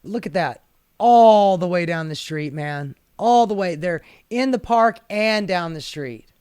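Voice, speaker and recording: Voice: medium pitch, lively intonation, a little slow, darkish tone, clear, resonant tone. A host giving casual commentary while reading protest signs aloud, sassy and profane, laughing often.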